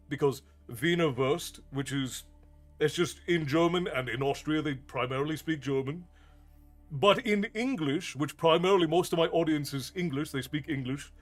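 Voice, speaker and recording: Host man, live-stream chat, rambly and self-amused, somewhat high, soft music under. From United States. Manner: reads and answers viewer chat. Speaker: storytelling streamer.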